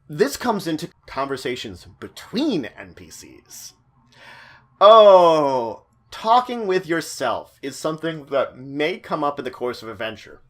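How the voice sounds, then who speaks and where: A man giving animated, stop-start advice on running a tabletop game as dungeon master. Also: mid-range voice. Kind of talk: tutorial talk.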